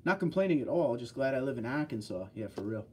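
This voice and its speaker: A man's voice: mid-range voice, lively intonation, quick pace, mellow, a little hiss or hum. A man from New York hosting a livestream, chatting casually and rambling through answers to viewer comments. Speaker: livestream host.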